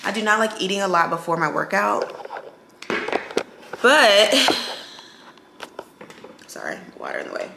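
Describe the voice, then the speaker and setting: A woman's voice: medium pitch, huge pitch swings, measured pace, vocal fry, long pauses, noisy background. Chatty young woman vlogging at home. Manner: chatty, talks to viewers as y'all. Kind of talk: casual vlog chat to camera. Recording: echoey room with kitchen clatter.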